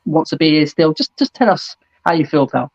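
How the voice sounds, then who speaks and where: A man's voice: on the high side, animated, brisk, gravelly, dry recording. A man hosting a fan call-in show, chatting casually and saying "mate" and "absolutely" a lot. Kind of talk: casual football chat. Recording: dull dry lo-fi sound.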